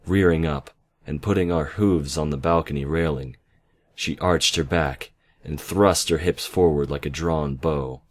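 Very deep-voiced man reading a story. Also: unhurried. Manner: reads with casual asides and self-corrections. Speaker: reader. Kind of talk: fan fiction reading.

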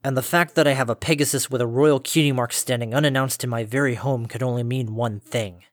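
A man's voice: mid-range voice, steady tone, a little fast, no echo, studio quality, close to an everyday voice. Man doing a scratchy, droning old pony farmer. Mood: dour. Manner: lethargic, curt, formal. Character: stern old male earth pony farmer.

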